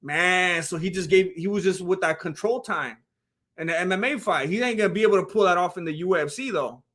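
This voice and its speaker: This is a high male voice, a little fast, belonging to a young man commenting on a fight video during a relaxed live stream. Animated and storytelling, he voices the people on screen.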